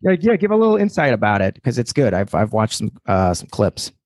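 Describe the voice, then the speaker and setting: Lively-voiced teasing male co-host. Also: fairly low pitch, fairly quick, no room sound. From New York City. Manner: brief interjections and teasing questions. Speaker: podcast co-host. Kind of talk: casual chat.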